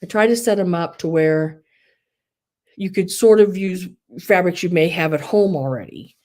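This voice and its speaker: A low, mellow-voiced woman chats her way through a live online sale. She rambles, restarts her sentences and fills gaps with ums, and her breath is a little wheezy. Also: moderate pace. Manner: rambling, many fillers and restarts. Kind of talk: casual live sales chat.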